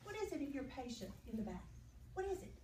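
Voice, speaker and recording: A woman teacher giving an interactive storybook read-aloud to children, animated and often asking the listeners questions. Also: high voice, fast, a little hiss or hum. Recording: roomy room from far off.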